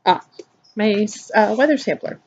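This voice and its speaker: A woman's voice: medium pitch, a little slow, darkish tone, dull audio, a little hiss or hum. A woman hosting a casual cross-stitch vlog outdoors in her backyard, chatting loosely and wandering off topic. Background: birds singing.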